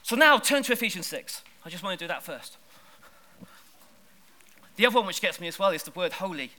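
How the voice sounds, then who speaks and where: Male preacher, high and piercingly bright, lively chatty sermon delivery with strong emphasis. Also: a little fast. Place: church service.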